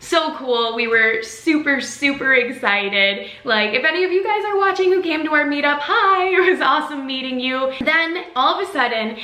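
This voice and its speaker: A woman's voice: sits high, normal speed, hardly any pauses, bright, forceful tone. A young woman vlogger telling a story in a chatty way, full of "like" and "um". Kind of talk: storytime vlog. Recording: roomy echo.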